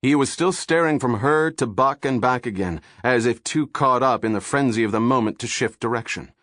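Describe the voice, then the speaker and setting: A man's voice: medium pitch, normal speed, a bit bright, no room sound. Man narrating an audiobook, dry and close.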